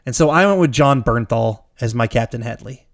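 A man's voice: medium pitch, animated, fairly quick, no echo, clean studio sound. A man co-hosting a podcast, chatting casually and with enthusiasm, laughing easily and often restarting sentences. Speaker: podcast co-host. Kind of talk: casual chat.

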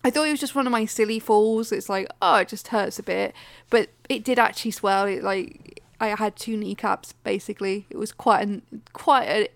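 A woman's voice: medium pitch, steady tone, moderate pace, hardly any pauses, dry recording. A woman co-hosting a podcast, telling a story in a chatty, self-mocking way with lots of laughter. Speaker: podcast co-host. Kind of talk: casual chat.

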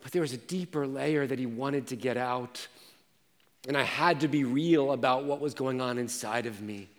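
A man preaching a sermon as pastor, telling personal stories and moving from quiet reflection to intense emphasis. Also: mid-range voice, in a large hall.

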